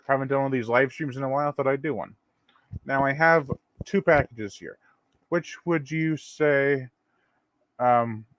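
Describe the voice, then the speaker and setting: A man's voice: medium pitch, dry recording. A man hosting his own channel, chatting casually through an unboxing and reading viewer comments on a live stream. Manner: rambling and relaxed, reads viewer comments aloud. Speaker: channel host.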